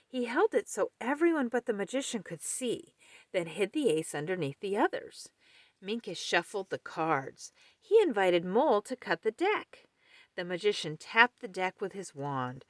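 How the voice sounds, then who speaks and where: A woman reading a children's picture book aloud at an unhurried pace. Her lower voice rises and falls with lively expression. The sound is close and dry. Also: dry recording. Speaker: storyteller.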